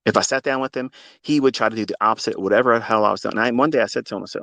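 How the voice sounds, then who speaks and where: Blunt, gravelly fifty-year-old man. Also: fairly low pitch, very fast, fairly bright tone, no echo. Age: 50s. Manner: emotional, blunt, swears freely. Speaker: trading mentor. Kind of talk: off-the-cuff live audio talk.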